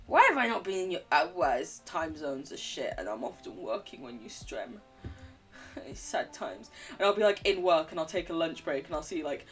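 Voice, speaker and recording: While gaming on a live stream, a young woman from England teases and giggles with her viewers in a standard English accent. She speaks at a normal pace in a low-pitched voice, with faint music behind her.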